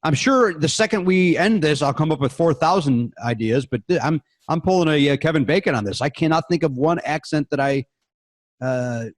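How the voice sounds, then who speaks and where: A man on a comedy podcast talking haltingly, full of pauses and restarts. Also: a little high. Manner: hesitant, full of uh's and restarts. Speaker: podcast guest. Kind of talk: casual comedy podcast chat.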